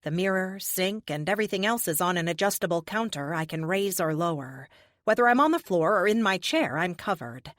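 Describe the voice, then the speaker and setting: Woman reading a first-person audiobook, expressive, chatty, lowish pitch, dry close mic. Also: brisk, no room sound. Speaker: audiobook narrator.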